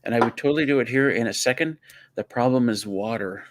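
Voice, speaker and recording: A man's voice: mid-range voice, quick pace, no room sound. A man co-hosting a casual livestream, teasing his partner with dry jokes. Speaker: co-host. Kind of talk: casual banter.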